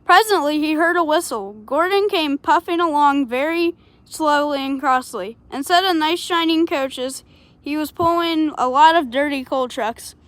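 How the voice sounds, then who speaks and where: A woman's voice: high-pitched, a little slow, fairly bright tone, no echo. A woman reading a children's storybook aloud in a plain, unpolished way, with small slips along the way.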